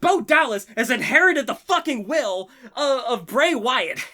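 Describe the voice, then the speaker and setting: A profane man rants on his channel with a bright, cutting edge to his voice. His pitch leaps around as he swings from dry sarcasm to shouting excitement. He sounds heated and fully invested. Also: measured pace. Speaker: channel host. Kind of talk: impassioned ranting vlog.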